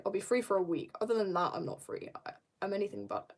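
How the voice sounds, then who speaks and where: Fast and sing-song, a teenage girl's mid-range voice carries a slightly mellow tone as she streams herself drawing. She tells rambling, giggly stories and keeps poking fun at herself.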